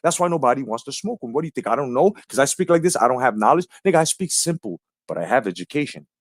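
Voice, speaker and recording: A man's voice: medium pitch, sing-song, fast, no room sound, clean studio sound. A man hosting a live stream, ranting brashly and profanely while greeting viewers in the chat.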